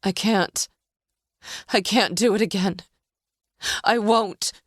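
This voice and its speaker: A woman's voice: mid-range voice, steady tone, takes it slowly, dry recording, studio quality, pitched above the performer's own voice. A woman voicing a tense former actress who is losing control, speaking in a strained, anxious way. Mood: panicked.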